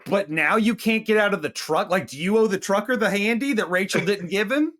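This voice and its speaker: A man's voice: sits high, brisk. A man co-hosting a casual comedic movie review, talking crudely and swearing, slipping into mocking impressions. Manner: crude, animated, mocking spooky voices. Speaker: podcast co-host.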